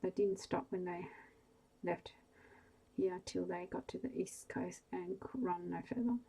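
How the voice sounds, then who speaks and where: A woman's voice: on the low side, measured pace, gravelly, mellow, slightly rough, heavily acted. A woman voicing a weary old Cornish farm woman. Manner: plain, resigned country speech. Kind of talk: soft ASMR bedtime story narration.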